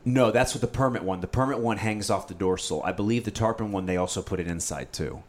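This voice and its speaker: A man telling a fishing story in casual chat, animated and often saying "dude.". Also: lowish voice, quick pace.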